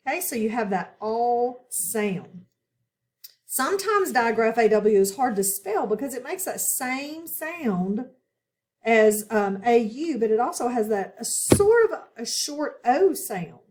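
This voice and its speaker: A woman teaching phonics at a slow, unhurried pace. Her voice sits a little high, and she explains each step patiently. She stops often to check that the listener is keeping up. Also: big pitch swings, a little mellow, roomy sound. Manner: patient, step-by-step instruction with frequent "okay?" check-ins. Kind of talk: online phonics lesson.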